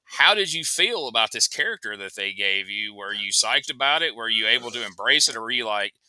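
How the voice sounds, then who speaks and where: A man's voice: fairly low pitch, animated, fairly quick, bright, forceful tone, dry recording, low-quality recording. A man hosting a podcast, asking his guest curious, conversational questions. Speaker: podcast host. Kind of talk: casual interview.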